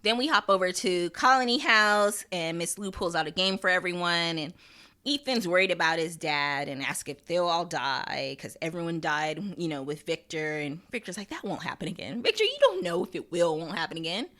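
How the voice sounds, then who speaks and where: A woman hosting a TV recap podcast, talking in a casual, animated and blunt way, swearing and laughing often. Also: fairly low pitch, moderate pace. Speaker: podcast host recapping a TV episode.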